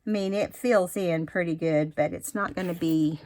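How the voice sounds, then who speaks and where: A woman's voice: lowish voice, normal speed, darkish tone, no echo, clean studio sound. Chatty woman teaching a card craft. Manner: chatty, explains step by step with fillers. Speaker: craft instructor. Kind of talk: casual craft tutorial.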